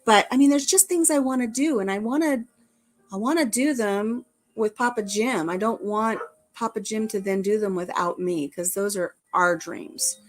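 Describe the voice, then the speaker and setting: A woman's voice: mid-range voice, normal speed. A middle-aged woman chatting casually on her live stream. She rambles and jokes, laughing as she goes. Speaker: livestream host. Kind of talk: casual chat.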